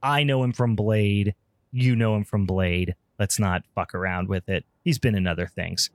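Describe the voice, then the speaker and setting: Low-voiced man in casual podcast chat. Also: steady tone, moderate pace, dry recording, studio quality. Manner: profane, rambling, frequent ums. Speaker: podcast host.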